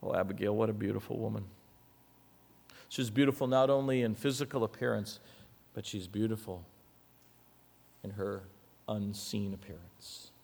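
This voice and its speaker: A man preaching a sermon, reading scripture aloud with asides and swinging dramatically between loud and hushed. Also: fairly low pitch, normal speed, vocal fry, pauses often. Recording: long hall reverb.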